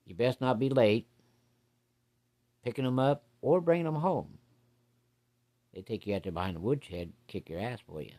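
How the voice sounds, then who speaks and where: A man's voice: medium pitch, animated, normal speed, pauses often, mellow. Folksy, salty male storyteller. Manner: folksy, salty, uses profanity. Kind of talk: casual spoken storytelling.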